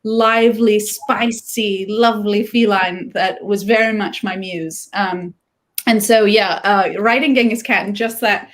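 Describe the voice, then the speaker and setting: Woman, author, chatty, laughs a lot, video call mic, mid pitch. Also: fairly even intonation, a little slow. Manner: chatty, laughs often, many fillers and restarts. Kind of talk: casual conversation on a livestream.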